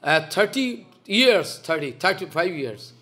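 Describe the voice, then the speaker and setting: This older man is a spiritual teacher scolding in a devotional lecture, impassioned and fond of repeated rhetorical questions. He speaks at a measured pace in a high-pitched, sing-song voice with a sharp tone.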